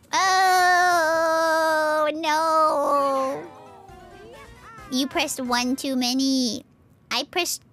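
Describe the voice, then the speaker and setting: A woman streaming games live, talking excitably with frequent giggles and dramatic outbursts. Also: sits high. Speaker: game streamer. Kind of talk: live gameplay commentary.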